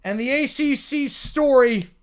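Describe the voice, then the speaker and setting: Excitable high-voiced male streamer. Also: measured pace, clean tone. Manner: excitable, exclamatory, answering chat. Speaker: livestream host reacting to college football. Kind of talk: live reaction commentary and chat.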